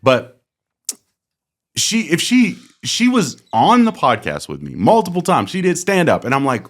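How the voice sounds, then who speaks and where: Profane, rambling comedian. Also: male voice, medium pitch, wildly swooping pitch, normal speed, fairly bright tone. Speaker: podcast host and comedian. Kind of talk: casual chat.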